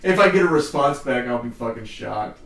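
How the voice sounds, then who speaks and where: A man's voice: medium pitch, expressive, fairly quick, creaky, a bit bright, distant mic. Profane, ranting young man, echoey room. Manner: heated, profane ranting with laughs. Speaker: podcast host. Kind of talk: casual chat. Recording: roomy echo, off-mic, faint hiss.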